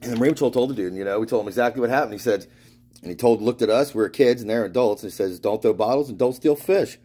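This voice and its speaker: A man's voice: lowish voice, very fast, warm tone, husky. A man from Florida in a meandering spiritual monologue, swearing often and laughing through his stories. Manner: meandering, restarts and trails off. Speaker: spiritual vlogger. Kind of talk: rambling monologue.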